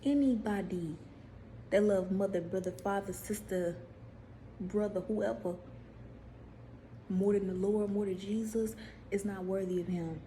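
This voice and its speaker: A woman, casually preaching to viewers in a vlog, animated, repeating herself and putting questions to the audience. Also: mid-range voice, a little slow, pauses often, a little hiss or hum. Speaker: faith vlogger.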